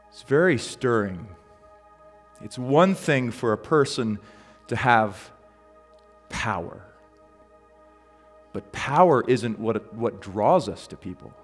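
A man's voice: medium pitch, lively intonation, slow pace, pauses often. A male pastor delivers a sermon in a casual, conversational tone, stopping for ums and restarting his sentences as he tells a story. His voice carries a long reverb through the church, and faint music plays underneath.

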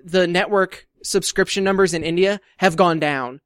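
Hesitant male co-host with a high voice; halting, hedged delivery, dry recording. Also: a bit bright, no room sound. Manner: halting, stop-start, hedging. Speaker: podcast co-host. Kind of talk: casual chat.

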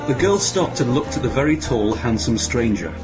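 A man's voice: medium pitch, animated, moderate pace, darkish tone. A man hosting and narrating a comic pantomime, with grumbling, sarcastic asides. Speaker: host and narrator. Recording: narration with music behind.

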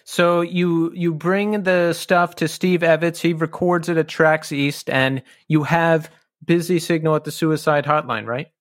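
Eager fan host, higher voice, dry sound. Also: male voice, fairly even intonation, measured pace, no echo. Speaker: podcast host. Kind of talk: casual podcast interview.

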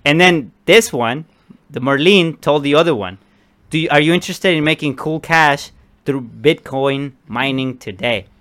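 Man telling a story, bright voice. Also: fairly high pitch, normal speed. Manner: animated storyteller, acts out both sides of a chat. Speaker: podcast co-host. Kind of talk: casual chat, storytelling.

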